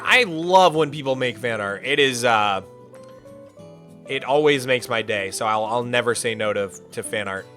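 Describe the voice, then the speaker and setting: A man's voice: mid-range voice, normal speed, bright, forceful tone, faint music behind. A young American man streaming and chatting casually, reading out viewer messages in a rambling way full of "like" and restarts. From United States. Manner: rambling, filler-heavy, often says "like".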